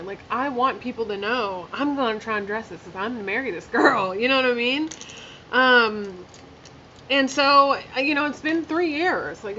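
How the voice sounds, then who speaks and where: Chatty woman vlogger, slightly high voice. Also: bright, forceful tone, muffled recording, slight background noise. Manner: chatty, filler-heavy, candid and blunt with swearing. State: emotional, near tears. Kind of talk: casual storytime while doing makeup.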